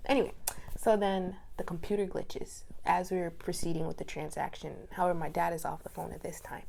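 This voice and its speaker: A young woman telling a story casually, swinging between whispers and excited laughter. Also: fairly low pitch, brisk, creaky. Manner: animated, drops to whispers, bursts of laughter. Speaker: vlogger.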